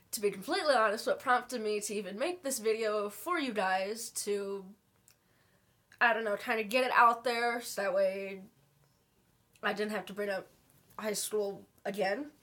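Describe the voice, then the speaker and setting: Slow, halting young woman near tears. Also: mid-range voice, steady tone, fairly bright tone. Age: young adult. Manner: halting, slow, many pauses and fillers. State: holding back tears. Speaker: vlogger. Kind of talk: emotional personal story. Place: her bedroom.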